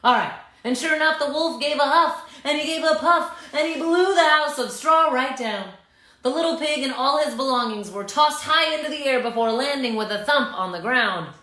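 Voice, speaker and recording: A woman's voice: sits high, moderate pace. A woman hosting a children's read-aloud, reading a storybook and coaxing listeners to join in the actions. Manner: lively, coaxes listeners to join in. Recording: roomy echo.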